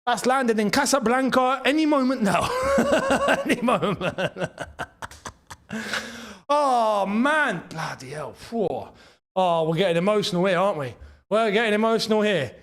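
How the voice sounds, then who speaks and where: A man hosting a live football watchalong, excitable and quick to shout and laugh. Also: high voice. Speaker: football channel host.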